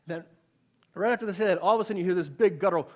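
Guy preaching, pretty high voice, gets loud then drops real quiet, repeats himself when he restarts. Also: rapid-fire, dull audio. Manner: swings from loud emphatic peaks to low hushed storytelling. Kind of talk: sermon.

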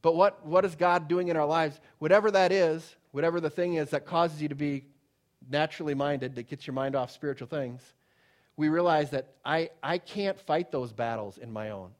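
A middle-aged male pastor preaching a sermon, swinging from loud emphatic declarations to hushed, soft pleading. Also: a little high, normal speed.

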